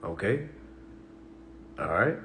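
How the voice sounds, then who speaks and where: On a casual livestream, a male host makes his points emphatically, punctuating them with "all right" and "okay." He swings between relaxed, low-key talk and loud, animated outbursts. His pace is slow, with slight background noise.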